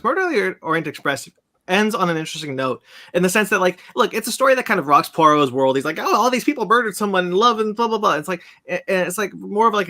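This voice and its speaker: A man's voice: fairly high pitch, pushed and bright. A man hosting a casual podcast chat, ranting animatedly and swearing as he recaps a film. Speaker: podcast host.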